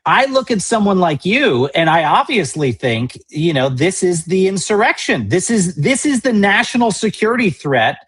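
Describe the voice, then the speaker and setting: Brief: male talk show host, husky voice, animated intonation, playful questioning. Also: high-pitched, moderate pace, few pauses. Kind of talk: interview hosting.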